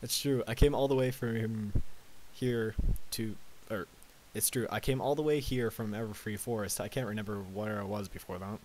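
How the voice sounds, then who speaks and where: A man's voice: lowish voice, steady tone, moderate pace, darkish tone, close to an everyday voice, poor audio. A man voicing a shy, weak young male pegasus pony who has lost his memory. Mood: meek. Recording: faint tape hiss.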